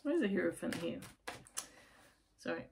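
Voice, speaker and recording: A woman's voice: on the low side, expressive, normal speed, creaky, darkish tone, a little hiss or hum. A woman reading tarot cards to camera at home, rambling and chatty, often breaking off mid-sentence. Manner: chatty, rambling, self-interrupting, emphatic. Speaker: tarot reader, channel host. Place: at home, lit by her computer.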